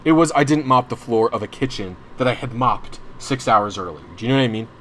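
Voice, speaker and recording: Talking fairly quickly in a slightly bright, mid-range voice, a young man streams a long, rambling personal story in casual chat, with a little hiss or hum in the background. He keeps restarting and going off on asides, and his anxiety and frustration come through openly.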